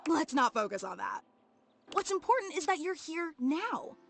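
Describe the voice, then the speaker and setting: A woman's voice: sits high, very animated, moderate pace, gravelly, a bit bright, slight background noise, full character voice. An actress playing a clingy, overly emotional young woman who obsessively adores someone. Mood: gushing. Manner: breathless, overly emotional gushing. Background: faint game music.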